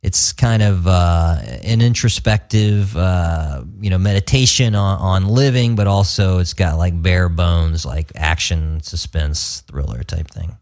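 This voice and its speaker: Filmmaker guest, man with a very low voice, halting and thoughtful, lots of ums. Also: darkish tone. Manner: hesitant, many fillers and restarts. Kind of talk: casual podcast interview.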